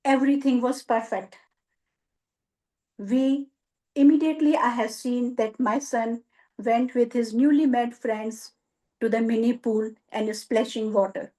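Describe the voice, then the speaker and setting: A woman's voice: a little high, fairly even intonation, measured pace. A woman giving a storytelling speech at a speaking club, dramatic and acting out the voices in her story. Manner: dramatic, acts out voices with cries and shouts.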